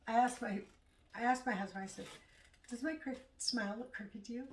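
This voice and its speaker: A middle-aged woman chatting casually at home in a vlog, rambling and halting as she talks. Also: on the high side, a little hiss or hum. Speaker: vlogger. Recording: echoey room, far from mic.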